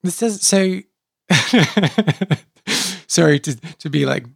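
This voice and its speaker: A man's voice: fairly high pitch, lively intonation, slow, creaky, breathy edge, dry recording. Man asking teasing questions, dry sound. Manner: curious, jokey, interrupts to question. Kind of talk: casual interview questions.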